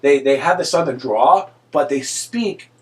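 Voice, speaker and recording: A man's voice: a little high, a little slow, a little mellow. A man co-hosting a casual chat show, talking loosely, joking, swearing and laughing often. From East Coast of the United States. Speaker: co-host.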